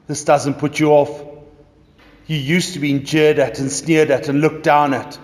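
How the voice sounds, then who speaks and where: Preacher, slow and dramatic, kinda high voice, church echo. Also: male voice, level tone. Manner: dramatic storytelling in second person. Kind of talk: sermon. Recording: echoey church reverb.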